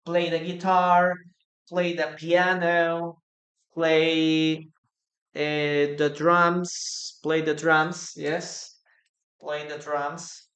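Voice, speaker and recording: A man's voice: a little high, level tone, extremely slow, fairly bright tone. A man with a Peruvian Spanish accent, a native Spanish speaker, teaching a live online English lesson, repeating phrases for practice and answering viewers' comments.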